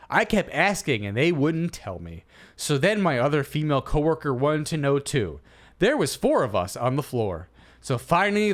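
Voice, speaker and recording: A man with a fairly high-pitched voice co-hosts a comedy podcast, reading a listener's post aloud before arguing his side playfully and animatedly.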